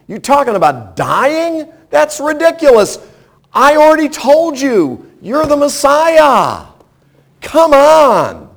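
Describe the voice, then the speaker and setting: An exasperated Peter scolds his teacher in a raised, high voice, insistent and incredulous, as a preacher acts him out. The tone is pleading and bossy at once. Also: wildly swooping pitch, slow, creaky, heavily acted. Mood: scolding.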